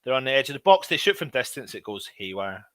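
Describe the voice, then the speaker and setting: A man hosting a live fan watch-along, commentating on the match, shouting at big moments and grumbling at his own players. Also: medium pitch, very animated, quick pace, no echo. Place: at home.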